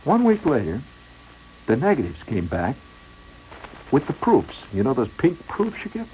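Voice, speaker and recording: A man telling a rambling comic story in an exasperated, animated way, on a dull lo-fi radio recording. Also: medium pitch, a little slow, long pauses, a little hiss or hum.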